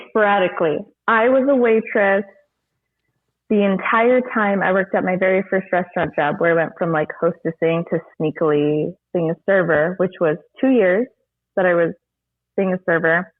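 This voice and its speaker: Chatty woman on a phone-like line, kinda husky, higher voice, laughs and swears a lot. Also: normal speed. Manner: animated, swears freely, laughs often. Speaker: guest, bartender. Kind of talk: casual chat.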